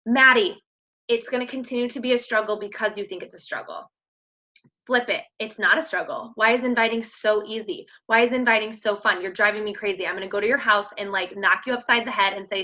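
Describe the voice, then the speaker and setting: Animated bright-voiced woman coach. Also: mid-range voice, lo-fi sound. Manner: animated, emphatic, slangy pep talk. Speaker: fitness team coach. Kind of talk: motivational team call.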